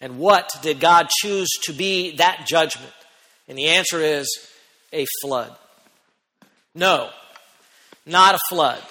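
A man preaching a sermon as pastor, who speaks emphatically and rises to near-shouts on key points. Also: on the high side, slow, long pauses, long reverb tail.

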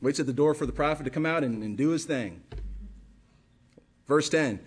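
A man's voice: a little high, moderate pace, slightly rough. A male pastor preaching a sermon with passion, firing rhetorical questions and repeating phrases for emphasis.

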